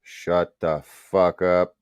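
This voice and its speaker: A man's voice: deep voice, little pitch movement, drawn-out words, clear, resonant tone, dry recording. A man in a heated voice chat, taunting and mocking with crude insults.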